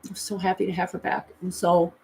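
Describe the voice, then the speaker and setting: A woman in her thirties telling a personal story in a confessional vlog, emotional and earnest, with pitch jumping high as she recalls pleading. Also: flat delivery, quick pace, mellow, a little hiss or hum. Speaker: tarot reader and vlogger.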